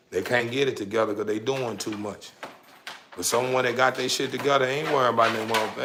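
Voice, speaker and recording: A man's voice: medium pitch, bright, forceful tone, slight background noise. A man, delivering a heated, preachy monologue to his audience. He curses freely and stumbles over repeated words. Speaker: vlogger. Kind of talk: casual monologue.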